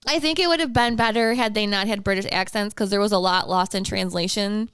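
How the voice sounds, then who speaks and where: A woman's voice: medium pitch, fairly quick, a bit bright, clear, resonant tone, no echo, studio quality. A woman co-hosting a casual podcast, talking in a light, giggly way. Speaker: podcast co-host. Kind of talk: casual chat.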